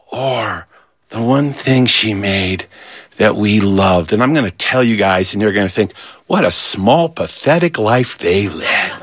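Bright-voiced playful male storyteller. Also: fairly high pitch. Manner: animated, playful, with voiced asides. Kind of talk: humorous storytelling.

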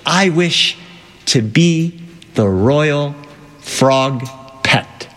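A man's voice: a little high, animated, very slow, a bit bright, heavily acted. A man voicing a hideous, pushy male frog who bargains insistently in a storytelling tale. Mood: demanding.

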